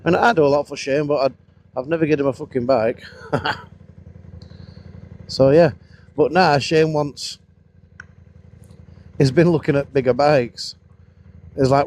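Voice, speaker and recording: A man's voice: a little high, unhurried, long pauses, a little mellow. A man in his thirties with a Northern English accent, chatting and swearing as he tells rambling stories while riding a motorcycle. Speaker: motovlogger. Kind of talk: casual chat while riding. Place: outdoors on a moving motorcycle. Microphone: helmet-mounted action camera mic. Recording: wind and engine noise.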